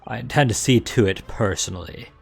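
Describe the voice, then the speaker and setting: A man's voice: lowish voice, fairly quick, creaky, faint music behind, voice pushed down. A man reading out a stern, grandiose police chief lord in a pompous, declaiming manner while playing a game on stream.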